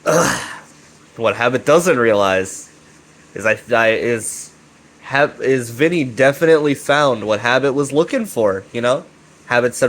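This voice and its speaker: A man's voice: mid-range voice, lively intonation, measured pace, fairly bright tone, rough recording. A man recapping a web series in a casual rambling way, swearing often and leaning on fillers like "you know" and "right". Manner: profane, filler-heavy, chummy.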